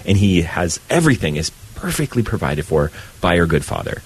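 A middle-aged priest with a low, husky voice speaks in an earnest, heartfelt way. He pauses and restarts as he explains, settling into gentle encouragement. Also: big pitch swings, rough recording. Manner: earnest, warm-hearted, pausing and restarting often. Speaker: Catholic priest. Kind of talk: faith conversation.

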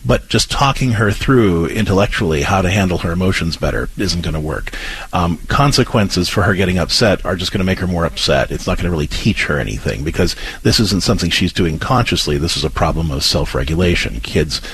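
A man with a low-set, very husky voice talks through parenting advice on a chat show. He is earnest and restarts often, now and then acting out the gentle words a parent might say to a child. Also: animated, brisk. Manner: earnest, many restarts, acts out comforting lines to a child. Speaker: co-host giving parenting advice.

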